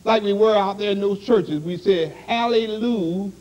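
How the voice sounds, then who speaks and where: A man's voice: sits high, moderate pace, a little mellow, highs cut off. A man preaching a sermon to a congregation, constantly asking "see?" and "you understand?".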